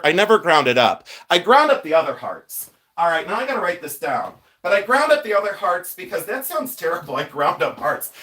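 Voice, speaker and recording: His voice sits high and a bit bright as he hosts a casual jewelry-sorting livestream. Chatting away with viewers, he greets them by name and laughs often while he talks.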